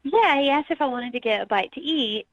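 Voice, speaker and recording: A woman's voice: high voice, expressive, fairly quick, no echo, lo-fi sound. A woman calling into a radio show, telling a dating story in a chatty, candid way. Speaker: caller. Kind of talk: phone call to a radio show.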